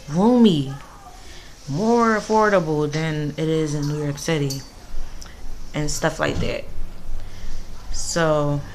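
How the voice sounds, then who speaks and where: Young woman, low voice, candid casual storytime straight to camera at home. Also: a little hiss or hum. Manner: candid, chatty, occasional cursing. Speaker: vlogger. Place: home, indoors.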